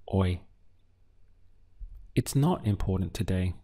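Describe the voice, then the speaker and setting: Slow, patient male language teacher. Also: lowish voice, expressive, dark tone. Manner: patient, syllable-by-syllable drilling with pauses. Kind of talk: slow, deliberate language lesson.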